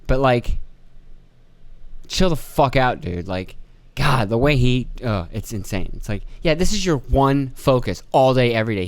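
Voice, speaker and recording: A man in his thirties hosts a solo podcast and rants about his week. He curses freely and sounds exasperated as he acts out his stories. His voice is smooth and resonant, recorded close and dry with no room sound. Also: medium pitch, dry recording. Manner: profane, exasperated, animated storytelling. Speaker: podcast host. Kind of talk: casual solo rant.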